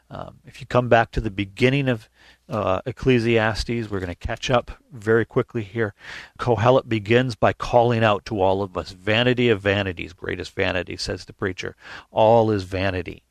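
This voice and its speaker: A man's voice: lowish voice, moderate pace, dry recording. A man preaching a sermon in an earnest teaching tone, reading scripture aloud and often restarting his phrases. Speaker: pastor.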